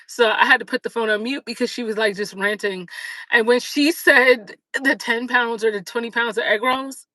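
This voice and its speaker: A woman hosting a livestream, telling a story in a chatty, animated way full of fillers. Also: fairly high pitch, normal speed, no echo, rough recording. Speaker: livestream host. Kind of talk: casual storytelling chat.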